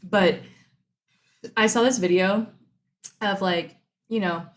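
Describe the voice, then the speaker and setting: A woman's voice: mid-range voice, slow, a little hiss or hum. A woman co-hosting a podcast in casual chat, giggly and rambling, saying "like" constantly. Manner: giggly, rambling, heavy use of "like". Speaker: podcast co-host.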